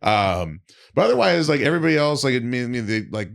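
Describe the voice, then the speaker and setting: A man's voice: mid-range voice, very animated, quick pace, gravelly. A man, a comedian guest on a podcast, telling rambling anecdotes full of restarts and swearing. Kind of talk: casual podcast storytelling.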